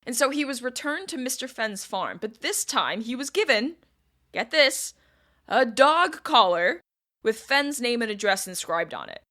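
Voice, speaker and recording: A woman's voice: on the high side, sing-song, moderate pace, pushed and bright. A woman podcast host telling a history story in a casual, chatty way with wry asides.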